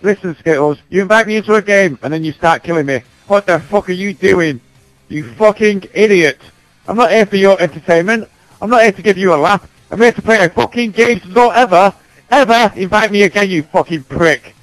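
A man's voice: high voice, brisk, dry recording, faint music behind, poor audio. A man leaving a scolding, threatening voice message over a game headset. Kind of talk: angry voice message.

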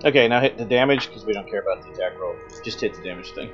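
Brisk game master man, dull mic. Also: on the low side, music in the background. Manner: brisk, directive. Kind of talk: running a tabletop game. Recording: dull lo-fi microphone.

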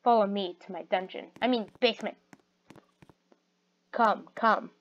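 A woman's voice: mid-range voice, unhurried, close to an everyday voice. A woman voicing a sly, scheming rat con artist who talks in a wheedling, menacing way. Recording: muffled lo-fi recording.

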